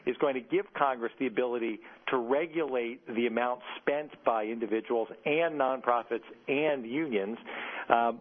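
A congressman answering interview questions in an earnest, halting way, with many restarts. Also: medium pitch. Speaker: congressman guest. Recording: phone-line quality.

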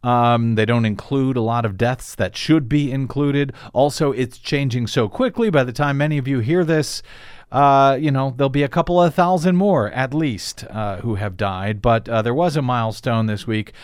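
A male talk show host delivers the day's news as commentary, cutting in with sarcastic remarks. His voice sits at an ordinary middle pitch. The recording is dry and close, with no room sound. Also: moderate pace, smooth, no echo. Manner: sarcastic, editorializing.

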